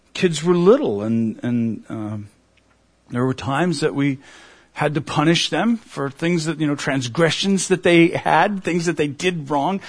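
A middle-aged man preaching a sermon, earnest and emotional, his voice climbing toward a near shout at the high points. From United States. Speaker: pastor.

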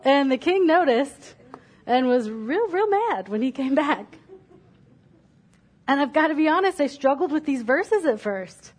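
A woman giving a sermon from a church stage, her voice sitting a little high. She reads scripture aloud, then speaks with frank, reflective honesty about her own struggles. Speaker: preacher.

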